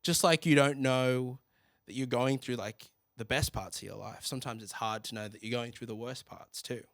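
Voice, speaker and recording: A young man in his twenties doing stand-up comedy, telling stories in a conversational way with quick asides. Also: mid-range voice, steady tone. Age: 20s. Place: living room.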